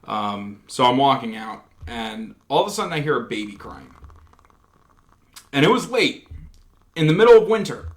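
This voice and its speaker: A man's voice: mid-range voice, sing-song, normal speed, pauses often. A man, a paranormal investigator guest, earnestly telling a story in a casual podcast chat, with frequent restarts. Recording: roomy echo.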